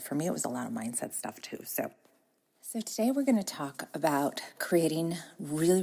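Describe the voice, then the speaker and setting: A woman's voice: deep voice, creaky, darkish tone, breathy edge. A woman, hosting a casual podcast from a corner of her home, upbeat and chatty with frequent laughs. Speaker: podcast host and business coach.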